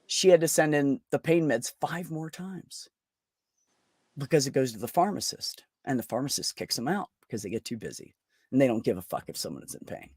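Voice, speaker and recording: A man's voice: medium pitch, expressive, a little fast, a little mellow, slightly rough, no room sound, studio quality. A middle-aged man hosting a podcast, venting bluntly in casual chat with heavy swearing. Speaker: podcast host.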